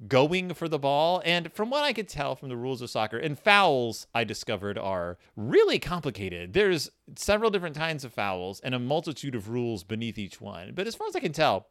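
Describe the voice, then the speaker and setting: A man's voice: mid-range voice, very animated, a bit bright, dry recording, studio quality. A middle-aged man from Minnesota, recapping a children's book in a rambling, sarcastic casual chat. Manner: sarcastic, rambling, quick asides.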